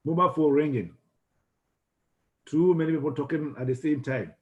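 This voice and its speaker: A man's voice: fairly high pitch, normal speed, dull audio. A man with a Ghanaian English accent giving a classroom lecture on communication. He often repeats and restarts his words and puts questions to the class.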